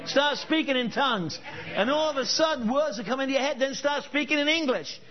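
Man preaching, very high voice, storytelling, rhetorical questions, dull lo-fi recording. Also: a little fast. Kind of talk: sermon.

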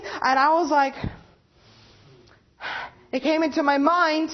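A young woman giving a personal religious testimony, rambling and halting, with many fillers and self-corrections. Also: sits high, fairly even intonation, lo-fi sound. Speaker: lay preacher giving testimony.

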